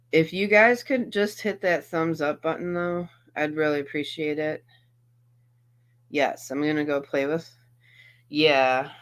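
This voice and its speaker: A woman in her thirties, a YouTube reaction streamer, chatting casually on a livestream in a rambling way and laughing often. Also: sits low. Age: 30s.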